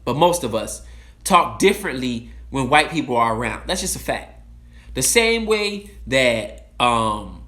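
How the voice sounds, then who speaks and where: A man giving an impassioned, profane talk, blunt and emphatic, swinging from loud outbursts to low, slow asides. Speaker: speaker giving a timed talk. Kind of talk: impassioned monologue.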